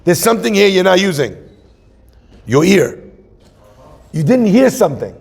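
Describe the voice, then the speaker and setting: Male rabbi, forties, conversational humorous sermon, slightly high husky voice. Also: big pitch swings, moderate pace, a little mellow. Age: 40s. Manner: joking, conversational, asks the audience questions. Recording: long hall reverb.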